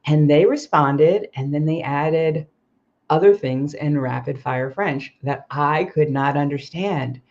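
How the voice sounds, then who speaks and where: A woman's voice: deep voice, takes it slowly, darkish tone. A woman hosting a livestream who tells personal stories in a chatty way, with frequent ums and self-corrections. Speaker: livestream host, expat coach. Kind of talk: casual personal storytelling. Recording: slightly muffled livestream audio.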